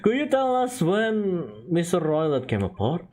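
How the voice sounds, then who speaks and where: A man's voice: high voice, huge pitch swings, a little slow, darkish tone, heavily acted. A man voicing a polite young male law student who questions a witness in a formal, courteous way, reading game dialogue aloud. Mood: earnest.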